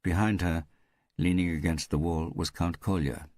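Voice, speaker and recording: A male narrator with a very deep voice reads a crime story in a steady, unhurried way. The sound is close and dry, with no room in it. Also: no room sound. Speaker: audiobook narrator. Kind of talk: scripted narration.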